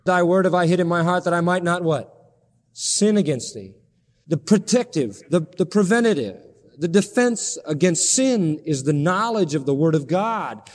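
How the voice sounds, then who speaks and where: A man preaching a sermon as pastor, pleading and impassioned, with his pitch climbing sharply at the high points. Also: expressive, moderate pace, big-room sound.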